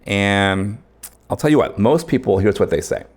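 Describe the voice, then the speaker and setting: A man's voice: fairly low pitch, lively intonation, moderate pace. A man teaching an online course in a conversational way, often checking in with his listeners. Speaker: course instructor.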